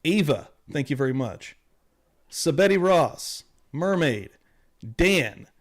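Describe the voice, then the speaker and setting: Upbeat live-stream host, slightly high voice. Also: male voice, sing-song, slow. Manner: loose, enthusiastic, thanks viewers in chat. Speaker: podcast host. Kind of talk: casual live-stream chat.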